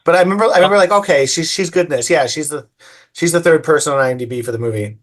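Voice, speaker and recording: A man's voice: on the high side, very fast. A man chatting casually as a podcast guest, easygoing and rambling, laughing easily. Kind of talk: casual film discussion chat.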